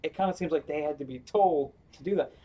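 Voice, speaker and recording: A man's voice: a little high, quick pace, mellow, far from the mic, rough recording. A man chatting casually on a movie review podcast, thoughtful and questioning. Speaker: podcast co-host.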